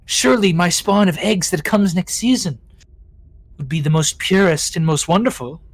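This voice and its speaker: A man voicing a huge, scheming female fish-creature queen in a high, coy, sing-song feminine voice. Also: normal speed, dry recording. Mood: flirtatious.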